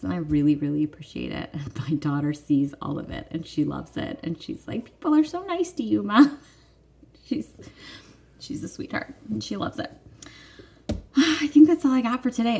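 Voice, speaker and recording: A woman's voice: lowish voice, darkish tone. A woman in her thirties from the Detroit suburbs, hosting a cross-stitch vlog in casual, enthusiastic chat that often breaks into laughs. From Detroit suburbs, USA. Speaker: vlogger, cross-stitch channel host.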